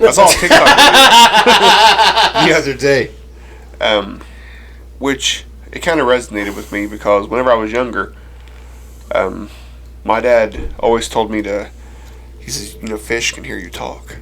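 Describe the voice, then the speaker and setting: A man's voice: lowish voice, moderate pace, long pauses. A man telling funny childhood stories on a casual podcast, acting out the voices and laughing. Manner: animated storyteller who acts out quotes and laughs. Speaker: co-host.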